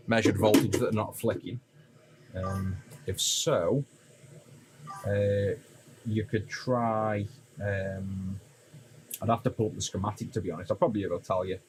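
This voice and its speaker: This Stoke-on-Trent streamer fixes retro consoles, soldering while he talks loosely with viewers and responds to chat in a relaxed, wandering way. His voice is fairly low in pitch and carries the Potteries accent of his English hometown. There's some hiss or hum on what is a rough recording.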